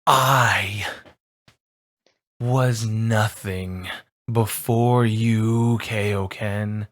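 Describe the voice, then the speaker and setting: A man voicing an unhinged male fantasy villain with a glowing gem, speaking slowly and menacingly and breaking into screams. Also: fairly low pitch, fairly even intonation, fairly bright tone. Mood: exultant. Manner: slow, menacing, bursts into screaming.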